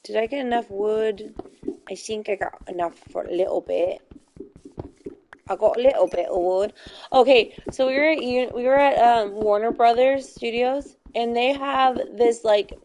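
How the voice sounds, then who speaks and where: A woman's voice: on the high side, normal speed, a little mellow, slight background noise. A young woman chatting casually while playing a game, telling stories with lots of fillers and giggles. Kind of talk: casual chat while gaming.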